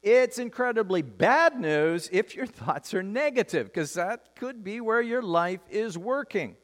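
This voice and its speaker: High-voiced pastor preaching in a hall. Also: male voice, measured pace. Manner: lively, joking delivery with wide swings in pitch. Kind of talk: sermon.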